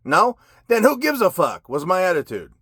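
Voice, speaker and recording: Blunt cursing man, fairly high voice, swinging pitch, dry close sound, confessional monologue. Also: wildly swooping pitch, moderate pace, pushed and bright, breathy edge, no echo. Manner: heavy profanity, blunt and agitated. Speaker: vlogger telling his life story.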